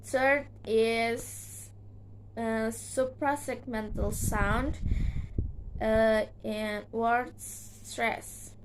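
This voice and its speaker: A woman's voice: fairly high pitch, steady tone, a little hiss or hum, rough recording. A young woman, a native Indonesian speaker, reads a class presentation with many fillers and restarts. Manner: slow, halting delivery with frequent "uh" fillers and restarts. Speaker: student presenter.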